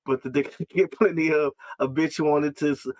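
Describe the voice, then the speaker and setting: A man's voice: a little high, steady tone, normal speed, a little mellow, no echo. A man from the United States, co-hosting a podcast, who reads a novel aloud and jokes about it, laughing often and swearing freely. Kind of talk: casual podcast chat and dramatic reading.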